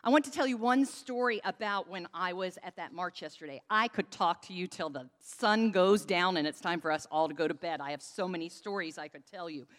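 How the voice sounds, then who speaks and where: A woman's fairly low voice moves briskly, with few pauses, as she gives a children's sermon as pastor through a handheld mic. Leading the congregation in call-and-response, she fills the church sanctuary, where a long reverb trails her words.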